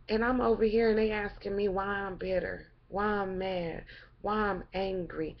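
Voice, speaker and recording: A woman's voice: mid-range voice, steady tone, unhurried, muffled recording. A woman giving a fervent, preachy monologue to camera, firing rhetorical questions and cursing often. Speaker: vlogger.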